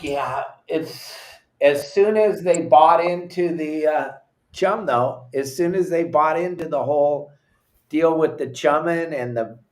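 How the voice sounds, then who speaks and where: Man, co-host on a fishing chat, enthusiastic storyteller, higher voice. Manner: storytelling, enthusiastic, repeats himself. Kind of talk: casual fishing talk.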